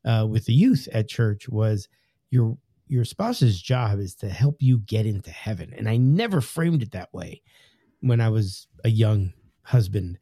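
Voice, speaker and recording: A man's voice: on the low side, sing-song, unhurried, warm tone, breathy edge, dry recording, clean studio sound. A man co-hosting a casual faith podcast, speaking earnestly and reflectively. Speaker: podcast co-host.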